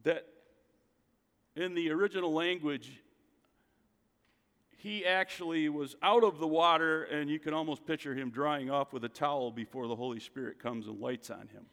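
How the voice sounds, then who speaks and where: A man's voice: fairly high pitch, moderate pace, fairly bright tone. Preaching man with hall reverb. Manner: emphatic preaching, rhetorical questions. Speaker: pastor. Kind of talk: sermon.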